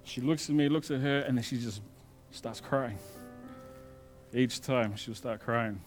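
A male pastor preaching a sermon in a conversational storytelling way, moving between loud emphasis and quiet asides. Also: mid-range voice, measured pace, faint music behind.

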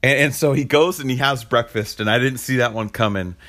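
A man's voice: mid-range voice, fairly quick, a bit bright. A man in his thirties hosting a podcast, telling a personal story in a candid, reflective way, often restarting his sentences. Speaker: podcast host.

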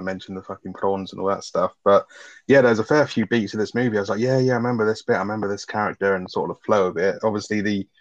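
Male film-podcast co-host, blunt and sweary, lowish voice, dry and slightly dull mic. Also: no echo. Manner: blunt, sweary, reads synopsis aloud. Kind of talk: casual film podcast chat, swearing freely.

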